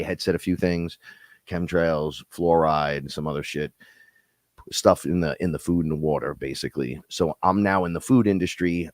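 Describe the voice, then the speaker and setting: Man, very low voice, dry close sound, middle-aged, casual rambling chat, swears a lot. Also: a little mellow, no echo. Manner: rambling storyteller, swears freely, acts out other people in high voices. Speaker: podcast co-host. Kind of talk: casual live-stream chat.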